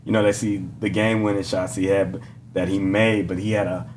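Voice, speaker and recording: A man's voice: low voice, little pitch movement, a little fast, background noise. A man hosting a casual interview, who mostly backs up his guest with "yeah" and "mm-hmm" and then reflects back on what he has said. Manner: affirming listener, frequent yeahs and mm-hmms. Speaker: podcast host.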